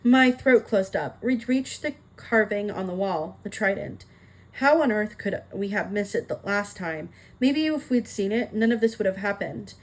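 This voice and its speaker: A woman reading a children's novel aloud, narrating in a steady, expressive way. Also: mid-range voice, moderate pace, poor audio. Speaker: reader. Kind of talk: audiobook narration.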